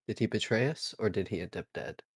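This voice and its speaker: A man playing a tabletop role-playing game, talking in a wry, drawn-out way. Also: fairly low pitch, slightly rough, no echo. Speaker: player.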